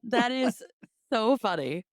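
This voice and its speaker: A woman, hosting a casual podcast chat, animated, laughing often and swearing casually. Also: fairly high pitch, takes it slowly, no echo, studio quality. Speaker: podcast host.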